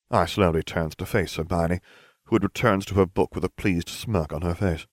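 A man reading a fan fiction story aloud as narrator in a dry, even-toned way, switching into lively character voices. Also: deep voice, moderate pace, no echo.

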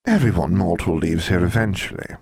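A man's voice: low-pitched, lively intonation, fairly quick, darkish tone, breathy edge, no room sound, clean studio sound. A man voicing a sly, mocking female prison warden with a serpent's tail, speaking in a languid drawl.

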